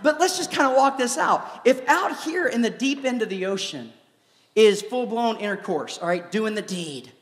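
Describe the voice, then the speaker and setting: A former youth pastor preaches live in a large church hall, telling stories in an animated, joking way. His very high voice moves at a moderate pace, and the echoey hall adds a long reverb.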